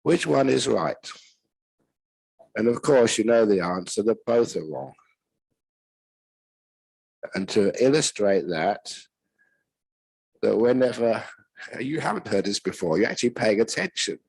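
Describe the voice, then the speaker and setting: An older man with a British accent, a monk giving a relaxed Dharma talk full of humorous stories, chuckling at his own jokes. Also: fairly low pitch, measured pace, gravelly, long pauses, slightly rough, no room sound, poor audio.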